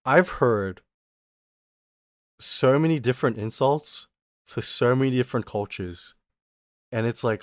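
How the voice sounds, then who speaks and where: A man from Australia, streaming and ranting through a casual story in an animated, profane way. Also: medium pitch, a little slow, long pauses, no room sound, studio quality. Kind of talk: casual ranting livestream chat.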